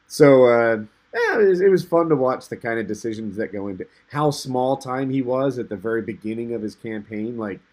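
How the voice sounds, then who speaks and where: A man at mid pitch chatting loosely on a podcast. He rambles, with filler words and the odd curse. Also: expressive, fairly quick, hardly any pauses, a little mellow. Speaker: podcast co-host. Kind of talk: casual chat.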